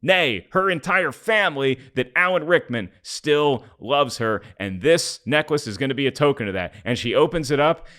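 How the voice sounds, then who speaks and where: Lively, rambling male podcast host. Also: mid-range voice, moderate pace, few pauses. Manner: rambling, self-deprecating humor. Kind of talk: casual chat.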